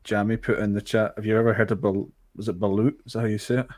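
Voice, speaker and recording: A man's voice: fairly low pitch, level tone, fast talker, a little mellow, no room sound. Hesitant man chatting. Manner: hesitant, repeats words. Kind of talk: casual chat.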